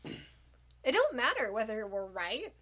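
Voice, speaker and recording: A woman in her twenties, co-hosting and telling a birth story in animated, laughing casual chat. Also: on the high side, slow pace. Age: 20s. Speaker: podcast co-host.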